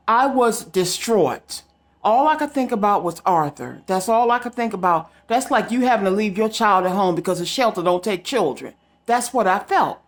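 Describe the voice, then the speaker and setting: A woman's voice: medium pitch, lively intonation, moderate pace. A woman telling a story straight to her viewers in a casual vlog, emphatic and direct. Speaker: psychic vlogger.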